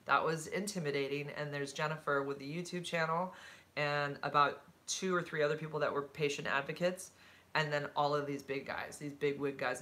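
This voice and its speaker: A woman's voice: deep voice, moderate pace, sharp tone, a little hiss or hum. A woman chatting candidly on a live stream, reading out viewer comments and answering them with fillers and laughs.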